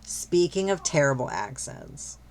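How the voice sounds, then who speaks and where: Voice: mid-range voice, big pitch swings, a little slow, slight background noise. A streamer chatting casually while gaming, rambling with lots of fillers and freely swearing.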